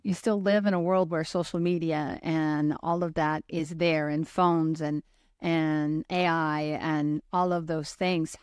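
A woman's voice: lowish voice, no echo, clean studio sound. A middle-aged woman hosting a casual interview, chatty and rambling with frequent restarts. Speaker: host.

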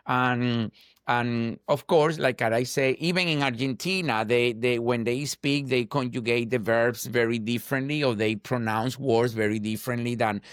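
A man's voice: medium pitch, steady tone, moderate pace, clear, resonant tone, no echo, studio quality. A man from Venezuela with a Venezuelan Spanish accent, a native Spanish speaker who learned English as an adult, talking earnestly as an interview guest and often searching for words. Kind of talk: casual interview chat.

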